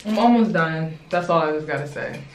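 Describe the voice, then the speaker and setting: A young woman from Baltimore telling a casual storytime at home while doing her hair, chatty and animated, talking straight to her viewers. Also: deep voice, brisk, slight background noise. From Baltimore, USA. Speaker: vlogger. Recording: roomy echo.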